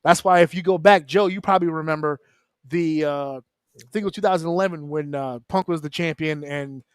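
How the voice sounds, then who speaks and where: A man on a wrestling round-table show, talking casually and bluntly, swearing freely and breaking into quick mimicry of the people he discusses. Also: on the high side, clear, resonant tone, no echo, clean studio sound. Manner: animated, profane, mimics wrestlers in quick asides. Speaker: wrestling podcast panelist.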